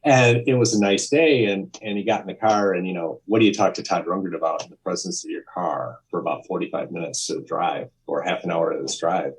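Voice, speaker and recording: A man in his fifties with a very low voice tells a story as a podcast guest. He rambles along in a candid, conversational way, restarting sentences and acting out what people said. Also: fairly even intonation, a little fast, few pauses, slight background noise, low-quality recording. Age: 50s. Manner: rambling, with frequent restarts and acted-out quotes. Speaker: podcast guest, music photographer.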